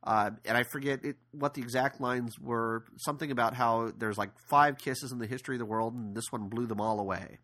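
Bright-voiced man retelling a film. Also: mid-range voice, steady tone, fairly quick, few pauses. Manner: rambling retelling with fillers. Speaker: podcast co-host. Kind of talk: casual movie discussion.

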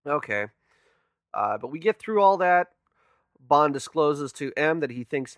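A man's voice: on the high side, big pitch swings, a little slow, no echo, clean studio sound. Chatty man recapping a film. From California. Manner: chatty, rambling recaps with frequent restarts. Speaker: podcast co-host. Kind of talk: casual movie-review chat.

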